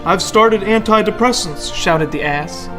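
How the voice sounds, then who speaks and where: A man's voice: sits high, a little slow, over music. A man in a sketch comedy scene, reading his story aloud in earnest and getting indignant when challenged.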